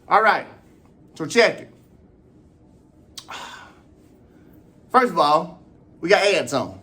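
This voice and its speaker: A man hosting his own sports vlog, talking about sprinting in an animated, slangy, exclaiming way. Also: on the high side, slow, pauses often. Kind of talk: casual sports commentary.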